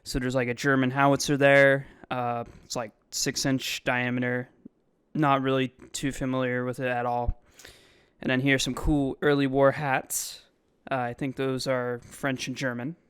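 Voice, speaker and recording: A man's voice: medium pitch, little pitch movement, unhurried, fairly bright tone, clean tone. A man giving casual, rambling voice-over commentary on his own video, full of ums and likes. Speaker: vlogger. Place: voice-over, not recorded in the museum.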